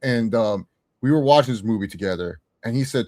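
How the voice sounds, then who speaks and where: A young man co-hosting a casual movie review chat, animated and swearing freely as he acts out quotes. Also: medium pitch, a little fast, dry recording. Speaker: co-host of a movie review show.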